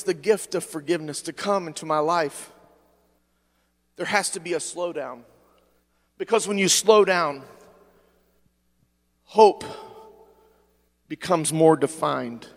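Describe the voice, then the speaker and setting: A middle-aged man preaching a fervent sermon as pastor, slowing down and stretching words for emphasis. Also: high voice, a bit bright. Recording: long church reverb.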